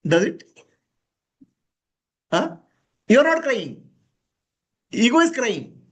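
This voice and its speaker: A man's voice: very high-pitched, very animated, extremely slow, a bit bright. A man giving a spiritual discourse to students, emphatic and questioning, chuckling often. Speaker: spiritual teacher.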